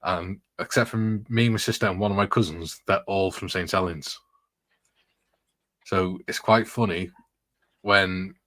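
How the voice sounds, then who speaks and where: Lowish and a bit bright, this man's voice comes through a dry recording. He hosts a casual chat, reading out viewer comments and spinning rambling anecdotes while laughing often.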